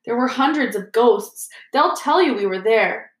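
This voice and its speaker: A nervous young schoolboy, loud and defensive, his voice raised a little, as a woman puts him on. The sound echoes around the room. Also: a little high, animated, measured pace. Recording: roomy echo.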